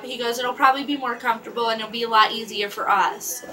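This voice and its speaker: A woman telling a personal story in a casual vlog, halting often and restarting her sentences with lots of fillers. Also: on the high side, steady tone, sharp tone, soft background music, low-quality recording. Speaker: vlogger.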